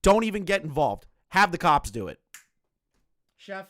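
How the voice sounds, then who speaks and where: Profane ranting male streamer, lively pitch. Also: fairly quick. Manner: heated, profane, sarcastic. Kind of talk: livestream commentary rant.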